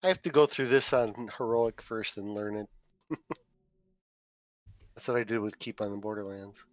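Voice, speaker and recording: A man chatting casually while playing an online game, reacting quickly and laughing with his group. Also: lowish voice, dry recording, muffled recording. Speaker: podcast co-host and player. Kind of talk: casual gameplay chat.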